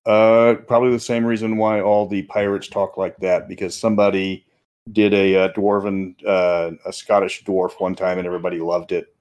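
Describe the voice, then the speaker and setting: A man with a low voice chats about running tabletop games, winding through stories and restarting his sentences as he goes. He sounds relaxed and conversational. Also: normal speed. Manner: rambling storyteller with restarts. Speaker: game master. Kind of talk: casual podcast chat.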